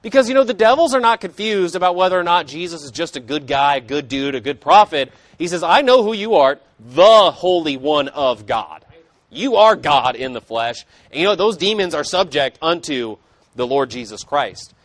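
High-voiced emphatic male preacher. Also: lively intonation, fairly quick, fairly bright tone, no room sound. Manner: emphatic, conversational asides, rising and falling intensity. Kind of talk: sermon.

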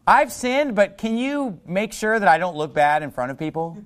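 A man's voice: high voice, very animated, moderate pace, fairly bright tone. A preacher voicing a self-pitying ancient king who pleads and whines for others to spare his honor. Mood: pleading. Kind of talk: preacher paraphrasing a Bible figure.

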